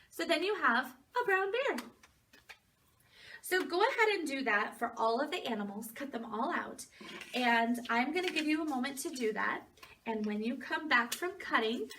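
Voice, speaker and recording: A woman who teaches preschool, leading young children through a story lesson in a gentle, encouraging voice with sing-song phrasing. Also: on the high side, far from the mic, slight background noise.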